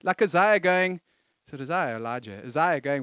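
Middle-aged male preacher, high voice, conversational sermon with lively emphasis, dry recording. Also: brisk, clean tone, no echo.

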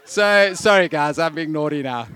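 Middle-aged guy preaching, pretty high voice, chatty with jokes, dry close sound. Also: moderate pace, smooth, dry recording. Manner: conversational, jokey asides, lively emphasis. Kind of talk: sermon.

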